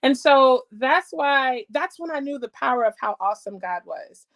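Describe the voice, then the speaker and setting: A woman guest telling her faith testimony in a casual, animated way, acting out the voices she quotes. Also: high-pitched, normal speed.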